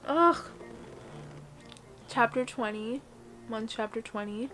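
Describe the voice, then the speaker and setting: A woman's voice: a little high, normal speed, fairly bright tone. A young woman in her twenties chatting casually on a book vlog from her reading corner at home, gushing and emotional. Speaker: book vlogger.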